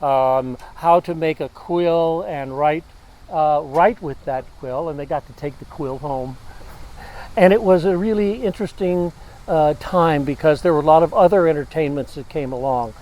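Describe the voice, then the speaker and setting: A man sharing earnest, halting memories of a friend at a memorial. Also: a little high, a little mellow, low-quality recording. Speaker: memorial speaker. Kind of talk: personal eulogy.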